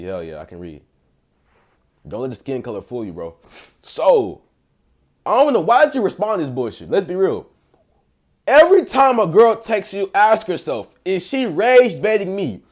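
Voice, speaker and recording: A young man with a fairly high, very animated voice that swings widely up and down, reacting to screenshots as a dating coach. He trash-talks bluntly, swears freely, and mixes in basketball slang as he rates each exchange out of ten. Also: moderate pace. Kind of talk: casual reaction commentary.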